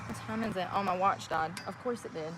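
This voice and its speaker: A woman's voice: lowish voice, fast talker. A woman hosting a casual live stream, talking to her viewers in a sarcastic, mocking way and laughing often. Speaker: livestream host talking to viewers. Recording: noisy outdoor street sound.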